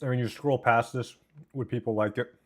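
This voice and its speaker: A man's voice: medium pitch, steady tone, fairly quick. Guy streaming from his place, eating corn and chatting to chat, mid voice, desk mic. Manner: chatty, reading chat aloud while eating. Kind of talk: casual live-stream chat. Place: home, indoors. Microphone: desk mic with noise cancellation.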